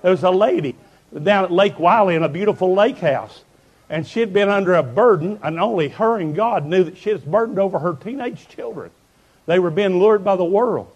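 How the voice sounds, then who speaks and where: A preacher delivers a fervent revival sermon in a fairly high voice. He tells stories with growing intensity and often rises to full shouts. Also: expressive, normal speed, slightly rough, dull audio. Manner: fervent storytelling, building to shouts.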